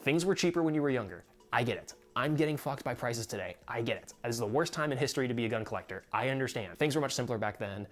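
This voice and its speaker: A man's voice: mid-range voice, animated, fast, few pauses. A young American man hosting a casual video about his collection, rambling with frequent laughs and free swearing. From United States. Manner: rambling, swears freely when annoyed, laughs often. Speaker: gun collector video host. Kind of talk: casual chat.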